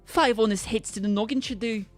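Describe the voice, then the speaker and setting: A woman's voice: on the high side, fairly quick, faint music behind, lightly acted. A woman voicing a blunt, irritable young man who uses British slang, reading a game's dialogue. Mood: annoyed. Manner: blunt, exasperated.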